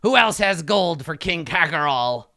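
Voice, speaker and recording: A man's voice: expressive, measured pace, gravelly, pushed and bright, heavily acted. A man voicing a pompous, boastful male kobold king who makes grand proclamations. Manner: booming, self-important proclamations.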